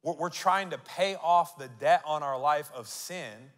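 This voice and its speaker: A male pastor preaching a sermon, reading scripture aloud and building to loud declarations. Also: on the high side, normal speed, few pauses. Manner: reads scripture aloud and asks the crowd to repeat. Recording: long hall reverb.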